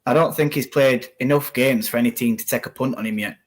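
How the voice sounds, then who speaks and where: A man's voice: mid-range voice, quick pace. A man co-hosting a football watch-along, chatting and calling the live play. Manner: conversational, calls the live play as it happens. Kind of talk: casual football chat and live match commentary.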